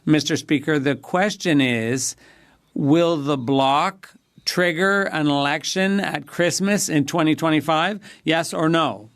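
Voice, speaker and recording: A man giving a measured, formal simultaneous interpretation of a parliamentary debate. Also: a little high, fairly bright tone.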